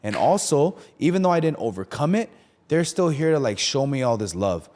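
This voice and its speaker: A man's voice: mid-range voice, sing-song, normal speed, a little mellow. A young man, a pastor, talking casually on a podcast, full of fillers and acted-out quotes. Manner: conversational, many fillers, acts out quotes.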